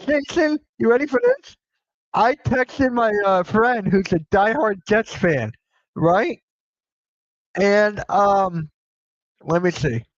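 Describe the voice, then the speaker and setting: Excitable young man hosting a sports stream. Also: high-pitched, dry recording, muffled recording. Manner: excitable, swears freely, reacts loudly to news. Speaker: sports show host. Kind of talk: casual live-stream sports chat.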